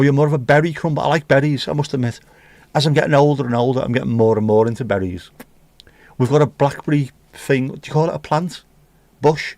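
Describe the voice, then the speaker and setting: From his home room, a male livestream host reads chat and banters cheekily with his audience in casual conversation. He has a mid-range, darkish voice, and there's no room sound.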